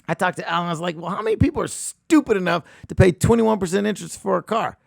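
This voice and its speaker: A man hosting a money talk show as a real estate coach, talking emphatically, repeating phrases and swinging between loud outbursts and hushed asides. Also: high-pitched, fast talker, gravelly, dry recording, clean studio sound. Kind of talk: animated motivational talk.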